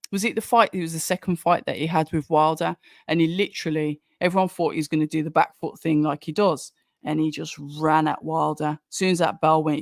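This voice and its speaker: Gravelly Brummie livestream host. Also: mid-range voice, dry recording, studio quality. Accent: Birmingham (Brummie). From Birmingham, England. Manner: chatty, reads and answers viewer comments, frequent restarts. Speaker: livestream watch-along host. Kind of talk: casual live chat commentary.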